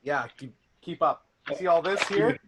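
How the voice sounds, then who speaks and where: A man running a tabletop game as game master, in quick, jokey casual chat. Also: a little high, noisy background.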